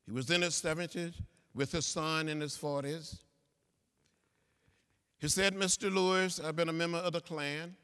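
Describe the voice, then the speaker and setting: A man's voice: on the high side, steady tone, normal speed, pauses often, bright, forceful tone, clear, resonant tone. A man in his seventies giving a speech to students in a large lecture hall, with a preacherly cadence and repeated phrases. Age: 70s. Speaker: guest speaker. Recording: reverberant hall sound.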